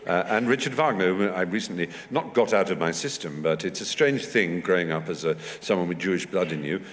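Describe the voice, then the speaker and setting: Articulate English man, fifties, low and animated; stage talk recorded with long hall reverb. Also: fairly quick. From England. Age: 50s. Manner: anecdotal, animated, mimics voices in quotes. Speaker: festival speaker. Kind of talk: onstage talk with audience. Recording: hall reverb, faint noise.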